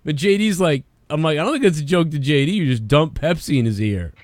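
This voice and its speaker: A man's voice: fairly high pitch, lively intonation, brisk, no room sound, clean studio sound. A man telling a rambling, crude story in casual chat, often mimicking others.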